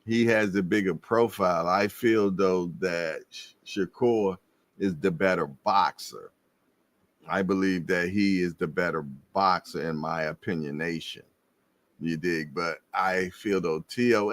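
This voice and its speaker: Slow-talking slangy man, dry close sound. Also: sits low, no room sound. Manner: slangy, animated, laughing, repeats himself. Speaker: livestream host. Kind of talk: casual boxing chat reading viewer comments.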